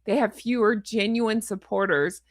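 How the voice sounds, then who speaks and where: A woman's voice: mid-range voice, normal speed, no echo, studio quality. A woman hosting her channel, talking through a book recap in a casual, playful way and laughing often. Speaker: channel host.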